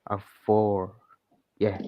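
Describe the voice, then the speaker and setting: Slow, hesitant man, dull audio. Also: lowish voice, completely flat delivery, no echo. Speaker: panel guest. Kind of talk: casual chat.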